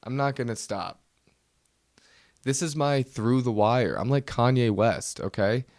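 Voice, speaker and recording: A podcast host delivers a solo comedy monologue, a nervous, self-mocking rant. His mid-range, darkish-toned voice moves at a measured pace, recorded at studio quality with no echo.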